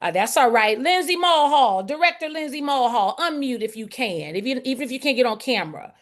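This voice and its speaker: Her voice is high-pitched and brisk as she leads an energetic group coaching call on video. She singles out participants by name and stresses key phrases through repetition.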